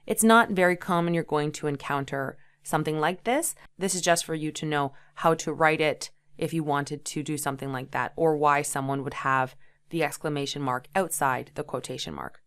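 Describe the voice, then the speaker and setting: Young female ESL teacher, patient explainer, smooth clear voice, slightly low pitch. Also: moderate pace, fairly bright tone. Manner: explains patiently, checks in with "okay?"; acts out example sentences with emphasis. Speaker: English teacher. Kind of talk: ESL grammar lesson.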